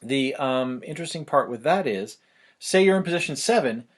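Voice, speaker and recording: A man, talking fast and loosely with lots of fillers as he explains online marketing, a little out of breath. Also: medium pitch, animated, husky. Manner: rapid, loose, filler-heavy delivery. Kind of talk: casual fast explainer talk.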